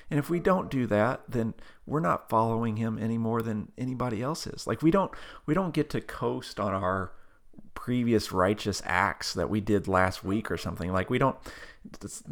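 Low, gravelly man telling his faith story. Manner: earnest, conversational, with frequent "like" fillers. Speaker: interview guest. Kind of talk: personal faith story and spoken prayer.

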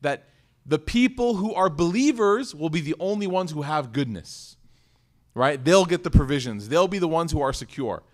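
A man teaching a sermon in a conversational, animated way, telling a personal story and asking rhetorical questions. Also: on the high side, moderate pace. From United States. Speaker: Islamic teacher.

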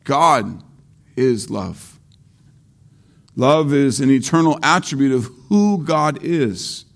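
Slow, deliberate male preacher. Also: mid-range voice, expressive, gravelly. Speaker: pastor. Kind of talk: sermon.

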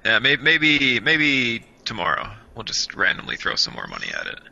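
Man, co-host, playful, laughing, very bright forceful tone, lively pitch. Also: moderate pace, creaky, muffled recording. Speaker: podcast co-host. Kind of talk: casual chat.

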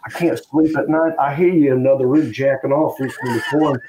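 A man's voice: medium pitch, steady tone, a little fast, background noise, natural voice. A man voicing his furious Western-type roommate in an angry, profane rant on a voicemail.

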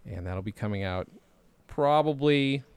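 A man's voice: medium pitch, lively intonation, measured pace, smooth, no room sound. A man hosting a podcast in casual chat, rambling and self-deprecating, with lots of fillers and restarts. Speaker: podcast host.

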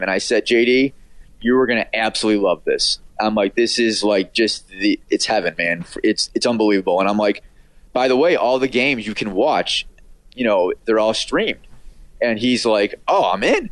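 A man's voice: medium pitch, no echo. Middle-aged guy rambling thru stories, lots of "you know", does little voices for people, dry close sound. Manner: rambling, filler-heavy, acts out quoted voices. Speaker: interview guest, radio producer. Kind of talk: casual storytelling interview.

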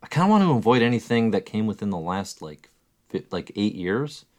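A man's voice: lowish voice, sing-song, fairly quick. A man hosting a casual podcast chat, rambling and hedging with many fillers. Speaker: podcast host.

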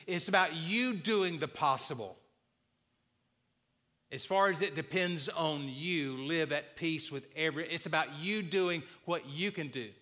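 A man's voice: on the high side, sharp tone. A male pastor preaching a sermon in an earnest way, repeating key phrases and acting out sample apologies.

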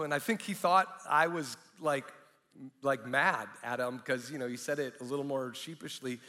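A middle-aged man, a pastor, preaching with candid, animated storytelling and frequent restarts. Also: mid-range voice, normal speed. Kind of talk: sermon with personal testimony. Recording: long reverb of a large hall.

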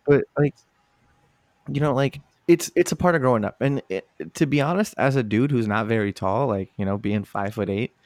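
A man's voice: mid-range voice, normal speed, no echo, clean studio sound. A man chatting on a podcast, telling stories with lots of swearing, laughter and put-on voices. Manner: animated, profane, laughing storyteller doing voices. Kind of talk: casual podcast chat.

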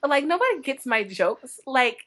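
A woman book blogger chatting as a podcast guest, telling lively stories with frequent laughter and acted-out quotes. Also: high voice, normal speed. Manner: animated, laughing often, acts out quotes. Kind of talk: chatty podcast interview storytelling.

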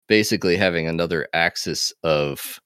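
A man's voice: deep voice, normal speed, a bit bright, clean tone, dry recording, studio quality. A man talking casually, explaining the rules he has been writing for a tabletop game. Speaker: game designer and player. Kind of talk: casual discussion.

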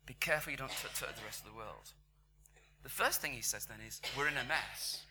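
A man preaching a sermon in church, conversational, dropping to whispers and rising to loud emphatic bursts. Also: medium pitch, fairly quick, noisy background.

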